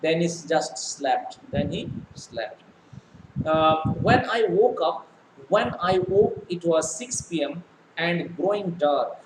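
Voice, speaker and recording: In an echoey room with faint noise, a male teacher reads a story aloud and explains it line by line as a textbook lesson, using many fillers. His voice is fairly high-pitched with lively intonation, and he speaks slowly.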